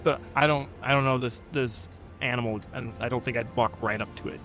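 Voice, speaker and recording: A man playing a tabletop game, thoughtful and measured as he plans aloud. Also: medium pitch, fairly even intonation, fairly bright tone, faint music behind. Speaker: player.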